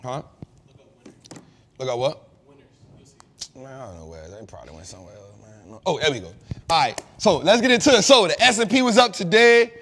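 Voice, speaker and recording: A man in his thirties hosting a show, telling a casual story in an animated, slangy way that swings from loud to hushed. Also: on the high side, brisk, pauses often. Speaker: host.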